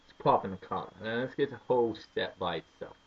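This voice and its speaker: A man's voice: on the low side, expressive, a little fast, breathy edge, muffled recording. An American man in a joking home vlog, talking in a mock-serious, rambling way. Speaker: vlogger.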